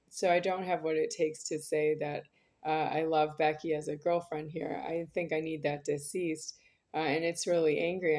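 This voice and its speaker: A woman's voice: low-pitched, darkish tone. A woman talking in a rambling spoken monologue, insistent and circling back over the same phrases.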